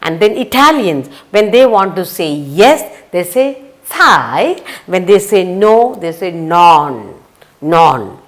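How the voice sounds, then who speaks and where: A woman's voice: fairly low pitch, big pitch swings. A woman with an Indian English accent teaching a vocabulary lesson for children, spelling letters out and repeating each word. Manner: slow, sing-song, repeats words and spells letters.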